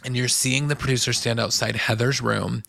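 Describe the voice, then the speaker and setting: A man's voice: medium pitch, fairly even intonation, normal speed, gravelly, bright, forceful tone, no echo, clean studio sound. A man hosting a podcast, giving a chatty, enthusiastic recap of a reality show in a casual solo commentary. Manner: chatty and enthusiastic, gushing asides.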